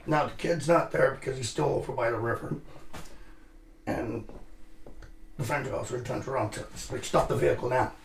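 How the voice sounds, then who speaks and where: A man's voice: medium pitch, moderate pace, gravelly, long pauses, echoey room, a little hiss or hum. A man telling a rambling military story in casual chat, swearing constantly and acting out the voices of the people in it. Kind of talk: casual profane war storytelling. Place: live show room.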